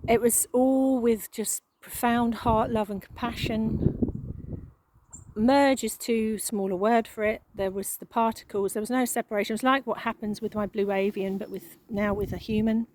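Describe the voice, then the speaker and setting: A woman giving an emotional spiritual monologue, halting and repeating words, with frequent sighs. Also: mid-range voice, fairly even intonation, a little mellow, slight background noise, low-quality recording. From England. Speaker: spiritual channel.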